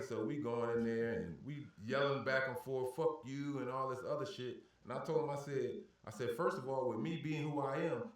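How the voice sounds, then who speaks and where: A man telling a profane story at an animated pace, acting out shouted arguments with plenty of cursing. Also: mid-range voice. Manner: heated, cursing, acts out shouted exchanges. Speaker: podcast guest telling a story. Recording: roomy echo, far from the mic.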